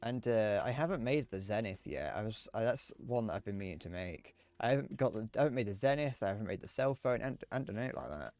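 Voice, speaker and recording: Rambling streamer, lowish voice. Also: male voice, expressive, fast talker, few pauses, a little mellow, no echo, faint music behind. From Britain. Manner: rambling, chuckling, many restarts. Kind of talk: casual gameplay commentary.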